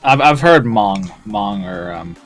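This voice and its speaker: A man's voice: on the high side, big pitch swings, takes it slowly, gravelly, faint music behind. A man hosting a game stream, chatting casually in a voice call, teasing, swearing freely and laughing often. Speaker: streamer host. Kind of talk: casual voice-chat banter. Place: online voice chat during a game stream.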